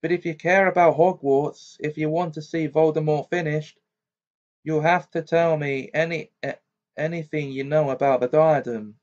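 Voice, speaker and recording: A man's voice: fairly high pitch, steady tone, moderate pace, darkish tone, voice pushed up, close to an everyday voice. A man reading the lines of a fierce, urgent teenage boy wizard in an amateur audiobook. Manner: fierce, pressing delivery. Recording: dull lo-fi recording.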